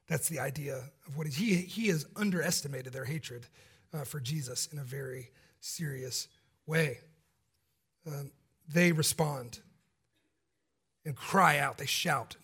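A man's voice: on the high side, measured pace, a bit bright, husky. A man preaching a sermon in a casual, joking, conversational way.

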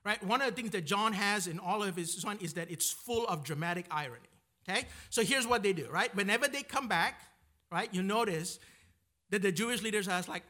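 A man with a high, bright voice teaches a Bible passage in an informal sermon. He keeps asking "right?" and circles back with frequent restarts and repeated words.

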